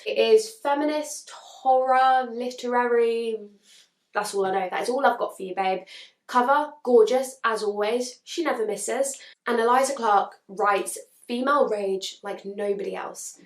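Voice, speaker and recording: A woman chatting to camera about books she wants to read, gushing and hedging, a little hoarse as she is losing her voice. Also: on the high side, reverberant. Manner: chatty and gushing, with frequent hedges. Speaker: book vlogger. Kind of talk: casual chat to camera.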